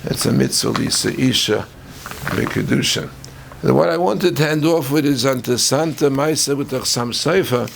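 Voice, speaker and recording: Gravelly rabbi teaching a Talmud class. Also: male voice, medium pitch, background noise. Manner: Yiddish-flavored English, quick back-and-forth with students, learned terms.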